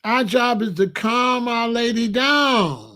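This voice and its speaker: A man's voice: extremely high pitch, animated, slow pace, bright, forceful tone. A middle-aged man, giving emphatic, repetitive monologue commentary. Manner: preachy, emphatic, repeats himself.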